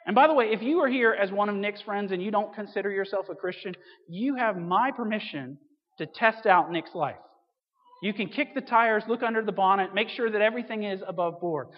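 Earnest preacher man in an echoey church. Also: high-pitched. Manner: earnest, direct address with rhetorical questions. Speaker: pastor. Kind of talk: sermon. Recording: echoey church hall, slightly dull sound.

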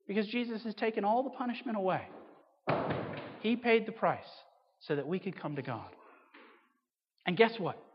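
Guy preaching in a church, earnest, keeps asking the crowd questions, big echoey hall, kinda dull sound. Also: high voice. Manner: earnest, direct address with rhetorical questions. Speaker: pastor. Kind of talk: sermon.

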